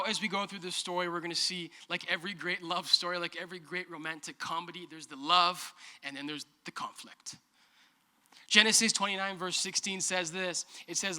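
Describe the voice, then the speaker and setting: A man's voice: high voice, bright, forceful tone, long reverb tail. A man preaching a sermon as pastor, joking in a conversational way and calling on the congregation to respond. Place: church auditorium.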